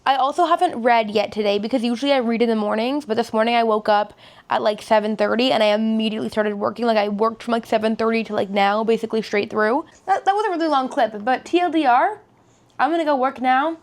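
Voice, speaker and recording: Chatty higher-voiced young woman vlogging. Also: quick pace. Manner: chatty, rambling, giggly, with many fillers. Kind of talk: casual vlog chat.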